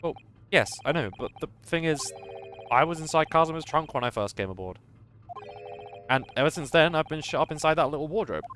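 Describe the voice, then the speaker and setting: A man's voice: on the high side, animated, fairly quick, a bit bright, slight background noise, voice pushed up. A man voicing a nervous, earnest young male lawyer who stammers and sounds surprised, reading game dialogue aloud.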